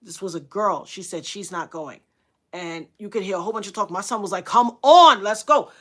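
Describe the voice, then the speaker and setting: A middle-aged woman tells a story on a livestream in a brisk, slightly rough voice, earnest and dramatic throughout. She repeats phrases for emphasis and acts out what others said in sudden loud, high bursts.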